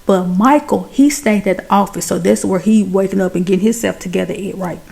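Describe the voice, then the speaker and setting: A woman giving a chatty, animated recap of a TV drama, talking straight to her viewers. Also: medium pitch, a little fast, creaky. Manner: chatty, addresses viewers as y'all and baby; animated, exclaims over plot twists. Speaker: TV show recapper.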